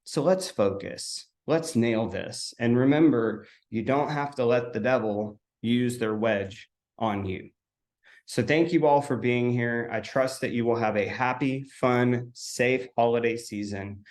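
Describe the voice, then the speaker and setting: A man at an ordinary middle pitch coaches real estate agents through a weekly motivational talk. He speaks directly and encouragingly. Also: unhurried, a little mellow. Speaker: coach and host.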